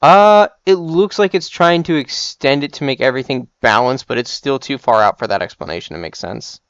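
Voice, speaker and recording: Gravelly-voiced gamer on a dull dry mic. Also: male voice, mid-range voice, a bit bright, dry recording. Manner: quick, joking asides. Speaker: player. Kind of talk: casual online game chat.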